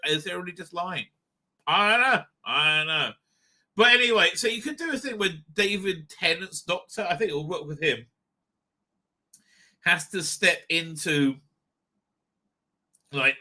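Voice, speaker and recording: A man hosting a live reaction review, rambling and profane, with stop-start sentences and sudden loud outbursts. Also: on the high side. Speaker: show host and reviewer.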